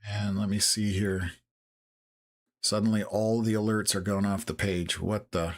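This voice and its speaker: A man hosting a live storm-tracking stream, slightly hoarse and losing his voice, talking steadily with many pauses of "uh.". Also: lowish voice. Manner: steady, unhurried, lots of "uh" pauses. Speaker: weather stream host.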